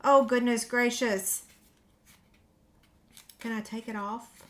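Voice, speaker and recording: In a relaxed crafting tutorial, a woman host talks to viewers while making paper crafts, often joking at her own expense. She speaks slowly with a fairly high, fairly even voice and a slightly runny nose, over faint background noise.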